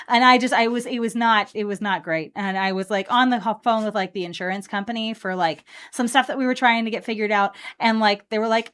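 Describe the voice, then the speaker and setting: A woman's voice: on the high side, brisk, hardly any pauses, fairly bright tone, smooth. A woman hosting a live card game stream, chatting casually and upbeat with lots of fillers while she plays.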